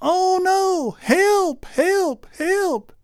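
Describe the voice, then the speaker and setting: A man voicing a panicky, foolish man who shouts that the moon has fallen into a pond, in a high, strained cry. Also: very animated, a little slow, no echo, clean studio sound, full character voice. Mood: panicked. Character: panicky simple man crying out about the moon.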